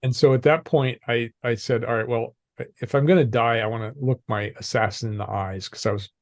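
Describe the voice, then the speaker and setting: Older male guest, measured storytelling voice, dry close mic. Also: medium pitch, no room sound. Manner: calm, measured, laughs often. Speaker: podcast guest, executive coach. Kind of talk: storytelling in an interview.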